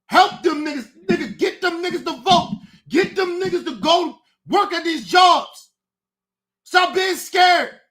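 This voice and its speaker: This is a woman hosting a livestream rant, her voice high and bright. She speaks angrily, swears constantly, and often rises to a shout. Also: a little slow. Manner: angry, profane, often shouting. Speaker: streamer, show host.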